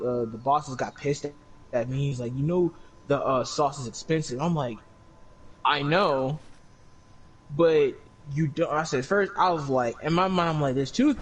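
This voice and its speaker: A man's voice: a little high, slight background noise. A man telling rambling, profane stories in a casual chat, full of restarts and acted-out quotes. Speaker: podcast co-host telling work stories.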